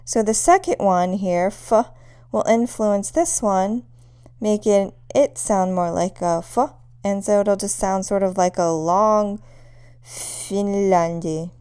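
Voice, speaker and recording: A woman's voice: medium pitch, measured pace, warm tone, clear, resonant tone. A woman teaching a pronunciation lesson, patiently demonstrating sounds one at a time. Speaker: language teacher.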